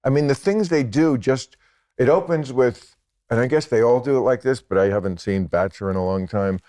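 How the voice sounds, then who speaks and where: A man's voice: medium pitch, a little fast, dark tone. A man in his sixties, a podcast guest, telling stories in a sardonic, mocking way during casual chat. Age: 60s. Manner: sardonic storyteller, slips into mocking voices.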